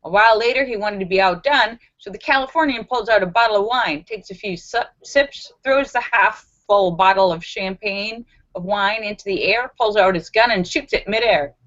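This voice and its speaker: A woman hosting a live stream, reading viewer jokes with animated, giggly delivery. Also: medium pitch, moderate pace, few pauses, dull audio. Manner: animated, giggly joke-telling. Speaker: vlog host. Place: home in Los Angeles.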